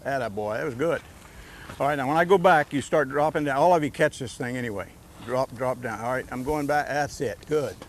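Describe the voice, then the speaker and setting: A man's voice: fairly high pitch, a little hiss or hum. A man coaching a youth baseball team outdoors, giving short, encouraging instructions during drills.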